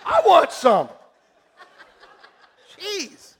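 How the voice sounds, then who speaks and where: A middle-aged male pastor preaching a sermon in church, joking and animated, swinging from shouting to hushed. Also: sits high, moderate pace. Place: church sanctuary.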